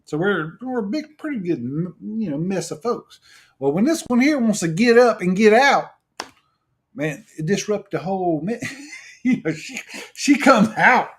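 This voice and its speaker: A man's voice: high voice, a little slow. Folksy man telling stories. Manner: animated storytelling, laughs often, folksy. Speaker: co-host. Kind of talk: casual live-stream chat.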